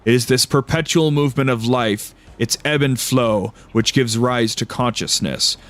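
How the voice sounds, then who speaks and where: An otherworldly being of light speaks slowly and solemnly, as a man puts it on while reading aloud. When struck it breaks into squeaky, panicked cries. The voice is mid-pitched for a man. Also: fairly bright tone, natural voice. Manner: solemn and slow, then squeaky and panicked in pain. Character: serene cosmic being of light, genderless.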